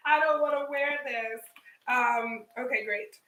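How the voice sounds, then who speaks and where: A young woman with a high, bright voice talks through a casual vlog in an animated, chatty way, laughing often and speaking straight to her viewers. She speaks into a headset mic, and the sound sits back in an echoey room. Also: a little slow, recorded from a distance. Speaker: vlogger.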